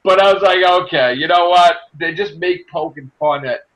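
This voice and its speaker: A man co-hosting a podcast in casual chat, animated and joking, slipping into quoted voices. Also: high-pitched, normal speed, rough recording. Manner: animated, mimics people in quotes, self-described corny joker. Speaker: podcast co-host.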